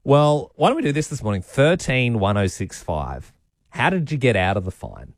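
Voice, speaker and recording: A man's voice: medium pitch, very animated, moderate pace, no echo, studio quality. Chatty radio co-host man. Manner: chatty, storytelling, laughs easily. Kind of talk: casual breakfast radio banter.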